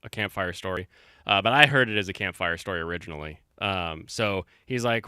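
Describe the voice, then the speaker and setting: A man with a low, bright and crisp voice hosts a relaxed stream chat. He rambles through a story, full of fillers and restarts. His voice is picked up dry and close, with no room sound. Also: a little fast, dry recording. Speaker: stream host. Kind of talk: casual chat.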